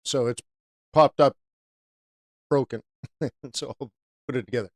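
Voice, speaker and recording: A man's voice: mid-range voice, unhurried, dry recording, studio quality. A man teaching forex trading on a live stream, talking casually and answering viewers by name.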